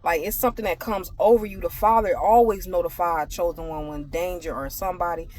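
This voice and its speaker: A woman speaking to her followers in a relaxed, conversational way, telling a workplace story. She talks directly to the audience and shifts into a preaching tone as she draws the spiritual lesson. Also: on the low side, fairly quick. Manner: animated, conversational, addresses viewers directly. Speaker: vlogger. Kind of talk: casual storytime with spiritual message.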